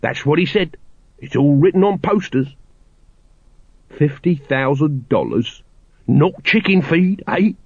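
A shifty street hawker full of wheedling sales patter, as a man puts him on. The voice sits a touch higher than the reader's own. It is a dry, slightly dull storybook recording. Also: big pitch swings, slow pace, pauses often, a little mellow, breathy edge, no room sound, full character voice. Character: shifty fast-talking male street hawker.

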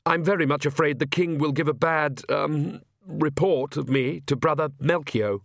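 A man's voice: fairly high pitch, normal speed, creaky, dry recording, clean studio sound, voice pushed up. A man doing a jittery stammering priest. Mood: flustered. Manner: hesitant, stammering, apologetic. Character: nervous stammering young male priest.

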